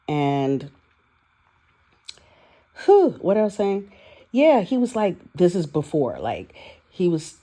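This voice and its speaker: A woman with a low, warm, relaxed voice shares her life candidly in a personal vlog. She talks openly and emotionally, laughing often and trailing off into restarts as she searches for words. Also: measured pace, pauses often. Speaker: vlogger. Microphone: audio only, no video.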